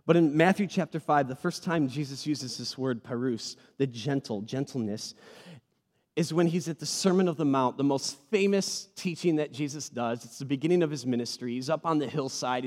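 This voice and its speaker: A man preaching a sermon as pastor, animated and conversational, asking the congregation to repeat words back to him. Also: medium pitch, fairly quick. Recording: reverberant hall.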